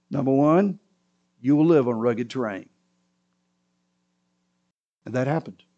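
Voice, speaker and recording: A man's voice: mid-range voice, a little mellow. A man preaching a sermon, retelling a scripture story with dramatic swings and sudden raised cries.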